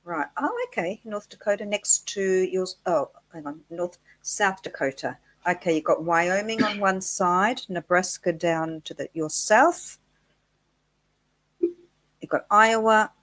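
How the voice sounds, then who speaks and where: A woman's voice: lowish voice, animated, slow, a bit bright, low-quality recording. An Australian woman co-hosting a casual live chat, chatty and self-deprecating. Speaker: co-host of a live chat stream.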